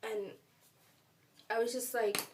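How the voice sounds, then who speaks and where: Against a noisy background, a woman vlogger with a slightly high voice rambles through a story slowly and flatly. She uses "like" heavily and stresses her points hard, sounding a bit far from the mic.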